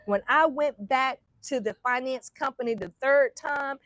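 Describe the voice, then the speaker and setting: Woman motivational speaker, faith testimony, emphatic and direct, slightly high voice, dry recording. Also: measured pace, a bit bright, dry recording. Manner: emphatic, bold, talks straight to listeners.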